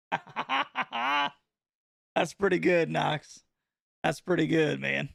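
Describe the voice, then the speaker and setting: A man, hosting a casual live-stream reaction chat in an excitable, slangy way, laughing often and calling everyone bro. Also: on the high side, drawn-out words, creaky, no echo, studio quality. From North Carolina.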